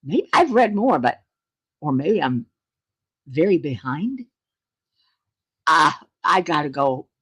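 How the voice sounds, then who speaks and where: A woman's voice: low voice, very animated, slow pace, long pauses, fairly bright tone, husky. A woman hosting her own channel, chatting casually with viewers, laughing often in a playful way. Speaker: channel host.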